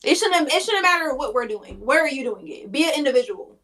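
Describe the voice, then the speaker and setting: A woman on a discussion panel, blunt and argumentative with quick comebacks. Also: high voice, sing-song, a bit bright.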